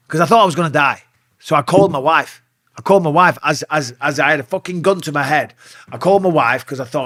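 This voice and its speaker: A man in his forties with a Northern English accent, telling a story in sweary, animated casual talk as an interview guest. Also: a little high, no room sound, clean studio sound. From England. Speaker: interview guest, former fighter.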